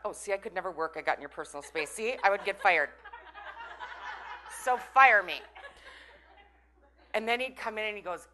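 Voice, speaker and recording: Bright-voiced woman speaker. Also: lowish voice, lively intonation, moderate pace, pauses often. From Minnesota. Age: middle-aged. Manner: chatty and playful, teasing the audience. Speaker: conference breakout speaker. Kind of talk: motivational talk to a live audience.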